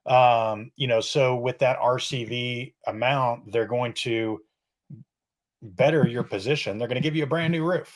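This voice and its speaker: A man's voice: medium pitch, measured pace. A male podcast guest explaining how roof insurance works, filling his sentences with "you know" and "um".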